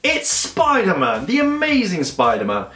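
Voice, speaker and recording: A man's voice: sits high, wildly swooping pitch, normal speed, loud music behind the voice. A man giving a casual, rambling episode review, correcting himself often and acting out characters' lines. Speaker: show reviewer. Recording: echoey room.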